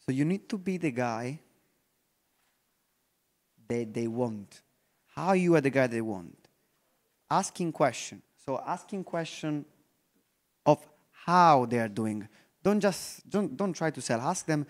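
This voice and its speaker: An expressive investor from Italy gives a conference talk in accented, non-native English that keeps restarting. His voice runs slightly high for a man, and he sometimes slows to a soft, deliberate murmur for emphasis.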